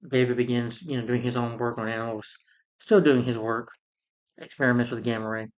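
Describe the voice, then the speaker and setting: A man's voice: mid-range voice, little pitch movement, brisk, lo-fi sound. A man rambling through an exasperated movie review rant, full of fillers and restarts.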